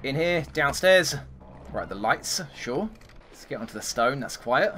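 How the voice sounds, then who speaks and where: A man's voice: mid-range voice, very animated, measured pace, sharp tone. A man hosting a gaming channel, talking casually to himself as he plays and bursting into frustrated outbursts. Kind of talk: casual let's-play commentary. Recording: game noise behind the voice. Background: game sounds and ambience.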